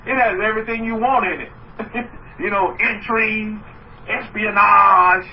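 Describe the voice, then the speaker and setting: A man preaching a sermon as a rabbi, animated, trading mock voices and asides with his listeners. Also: high-pitched, moderate pace. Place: room with listeners. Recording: muffled distant mic with faint noise.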